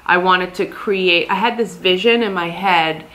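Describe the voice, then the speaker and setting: A woman from Staten Island who owns a yarn shop, chatting and telling stories with halting restarts. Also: fairly low pitch. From Staten Island, New York. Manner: animated storyteller, halting restarts. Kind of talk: casual chat.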